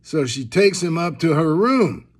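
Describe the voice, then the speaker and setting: A man telling a bawdy joke in an unhurried, drawling storyteller manner. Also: a little high, sing-song. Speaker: joke teller.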